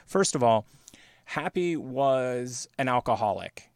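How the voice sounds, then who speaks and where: A man's voice: mid-range voice, expressive, slow pace, dry recording. Dry-miked man telling a rambling story. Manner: rambling, laughs often, acts out quoted voices. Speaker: podcast host. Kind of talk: casual storytelling chat.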